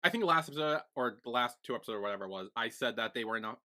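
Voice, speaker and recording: A man co-hosting a podcast, recapping a TV series in casual chat, rambling and excitable with lots of fillers. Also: medium pitch, rapid-fire. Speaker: podcast co-host.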